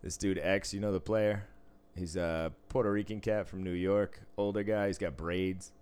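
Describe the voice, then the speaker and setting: A man with a very low voice chats casually. He rambles, swears freely and breaks into laughter as he tells his stories. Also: fairly even intonation, moderate pace, a little mellow, clear, resonant tone. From Boston area, US. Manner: profane, rambling, laughs a lot. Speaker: podcast co-host, casino dealer. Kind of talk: casual chat.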